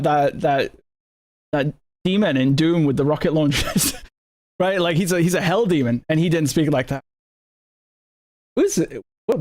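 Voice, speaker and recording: A man hosting live news commentary, his voice sitting a touch high. He speaks indignantly, stumbling over repeated words and tossing out rhetorical questions as he goes. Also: darkish tone. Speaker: political commentator and host.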